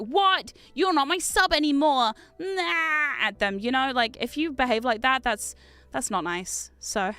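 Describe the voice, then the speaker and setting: A woman's voice: a little high, fairly bright tone. A woman with a New Zealand accent, chatting frankly and casually on a livestream, laughing often and swearing now and then. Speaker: livestream host. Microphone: studio condenser mic.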